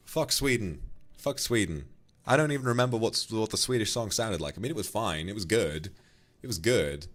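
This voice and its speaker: Low-voiced male streamer: flirty, swears, quick thank-yous to chat, soft music underneath. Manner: reads out donations with quick thanks, playful and flirty; swears freely and gets loud when ranting. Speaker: livestreamer. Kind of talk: casual livestream chat while gaming.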